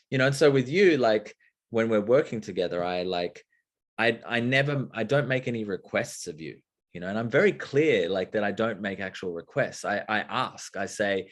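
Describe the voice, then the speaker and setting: Low-voiced man talking expressively. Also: fairly quick. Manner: expressive, acts out little quoted exchanges. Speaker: guest. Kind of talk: casual conversation.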